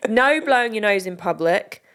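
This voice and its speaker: A woman's voice: medium pitch, animated, moderate pace, a bit bright. British woman reading out bits and joking around, easy chat. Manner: chatty, reads out items and jokes along. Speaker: podcast co-host. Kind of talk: casual podcast chat.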